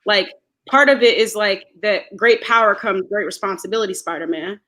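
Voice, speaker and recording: Bright-voiced woman, emphatic podcast guest. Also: mid-range voice. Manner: emphatic, quick asides, wry. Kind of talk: casual podcast chat.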